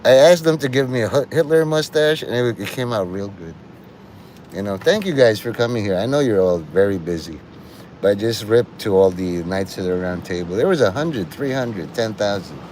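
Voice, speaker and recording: A man's voice: on the low side, lively intonation, moderate pace, darkish tone, slight background noise. A man hosting a livestream, rambling and profane, often laughing at his own jokes. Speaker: livestream host.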